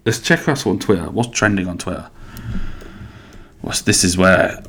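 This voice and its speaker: A man's voice: fairly low pitch, normal speed, long pauses, fairly bright tone. A man in his thirties hosting a solo podcast, rambling casually and swearing as he goes. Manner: rambling, sweary, self-interrupting. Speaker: podcast host.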